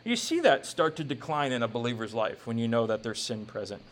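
A man preaching a sermon in a conversational, joking way, slipping into quick quoted asides. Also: mid-range voice, sing-song, a little hiss or hum. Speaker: pastor.

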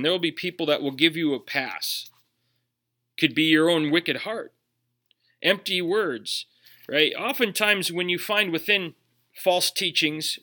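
A man's voice: fairly high pitch, bright, forceful tone. A man with a Minnesotan accent, preaching a sermon earnestly, with emphatic rhetorical questions. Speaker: pastor.

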